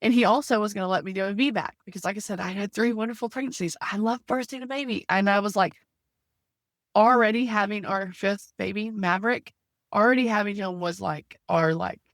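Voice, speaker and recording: A US woman in her thirties, medium-pitched and talking a little fast, comes through clean studio audio with no echo. She earnestly relates her faith-centered story as a podcast guest, often saying "like" and "you know."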